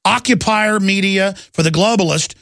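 Gravelly, ranting talk radio host. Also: male voice, high-pitched, moderate pace, a bit bright, no room sound, clean studio sound. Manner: gravelly, urgent, ranting delivery. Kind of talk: impassioned political radio monologue.

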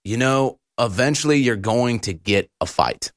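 A man's voice: mid-range voice, animated, measured pace, dry recording, clean studio sound. A man hosting a political commentary show, ranting in a combative, insulting and heated way.

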